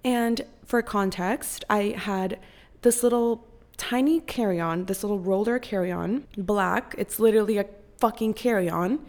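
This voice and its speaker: A young woman with a mid-range voice hosts a podcast, telling a story at a measured pace in casual chat. She's profane and animated, swearing freely and acting out other people's voices.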